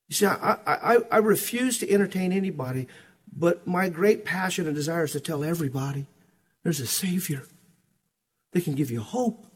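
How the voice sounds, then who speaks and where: Husky preacher guy, high voice, goes from quiet and low to loud and ringing. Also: expressive, moderate pace. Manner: swings from hushed to ringing preaching. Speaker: pastor. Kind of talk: sermon.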